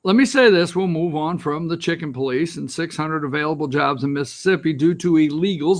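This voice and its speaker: A man's voice: fairly high pitch, brisk, hardly any pauses. A man hosting an opinion talk show, ranting with sarcastic, rambling asides.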